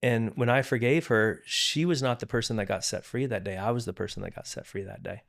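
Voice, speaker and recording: A creaky, rather low male voice with a fairly bright tone moves along at a fairly quick clip. The speaker, a middle-aged pastor guesting on a podcast, candidly and earnestly relates a personal forgiveness story in conversation, restarting and repeating words often.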